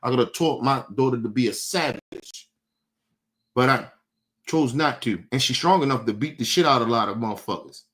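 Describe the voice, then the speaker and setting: Man, livestream host, profane casual rant, emphatic, mid pitch, words restarting when heated. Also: moderate pace, fairly bright tone. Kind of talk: casual rant to a live chat.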